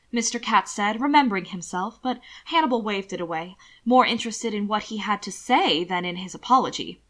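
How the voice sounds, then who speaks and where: A woman narrates a fan fiction audiobook with expressive storytelling. Her voice is bright and forward, at an everyday pitch for a woman. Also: normal speed.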